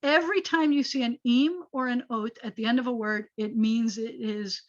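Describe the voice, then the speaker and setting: A woman rabbi teaching a Hebrew grammar class online, explaining patiently and getting animated when she makes a point. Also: a little high, moderate pace. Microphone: video call. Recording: dull lo-fi video call audio.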